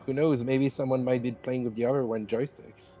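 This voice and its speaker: Calm male co-player over faint music. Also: mid-range voice, fairly quick. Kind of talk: casual live gameplay chat.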